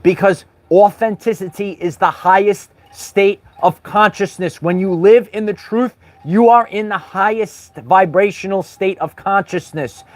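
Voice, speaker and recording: High-voiced man preaching to a live chat. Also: measured pace, hardly any pauses, no room sound. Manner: preachy, repetitive, addresses chat viewers by name. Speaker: livestream host. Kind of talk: spiritual livestream talk to chat.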